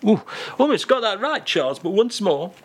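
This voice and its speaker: A man's voice: high-pitched, sing-song, normal speed, slightly rough. A man hosting a comedy radio show, talking in a theatrical, mock-grand way with swooping emphasis. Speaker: radio host. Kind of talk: comic radio chat.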